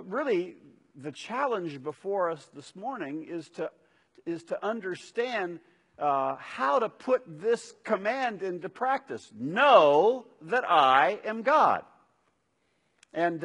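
A man's voice: on the high side, fairly bright tone. A man preaching a sermon as pastor, stressing and repeating key phrases. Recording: reverberant hall.

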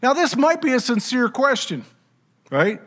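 A man's voice: extremely high pitch, sing-song, measured pace, fairly bright tone. A man preaching a sermon, teaching in an emphatic, conversational way with rhetorical asides.

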